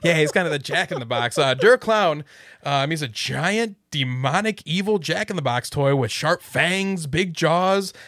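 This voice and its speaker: A man's voice: a little high, expressive, a little slow, a bit bright, dry recording, clean studio sound. A man chatting casually, rambling through a story with lots of fillers. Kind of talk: casual chat.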